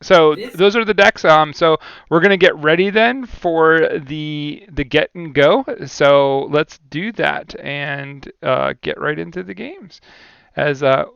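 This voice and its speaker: A man's voice: a little high, takes it slowly, vocal fry, fairly bright tone, clear, resonant tone, dry recording, lo-fi sound. A man co-commentating a card game tournament in a casual, chatty way, laughing often and using many fillers.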